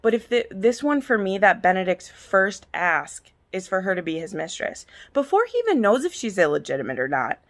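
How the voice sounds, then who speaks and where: A woman's voice: medium pitch, sing-song, moderate pace, hardly any pauses. A woman book reviewer giving a passionate, heated vlog rant and swearing freely. She says she is irritable and on pain medication.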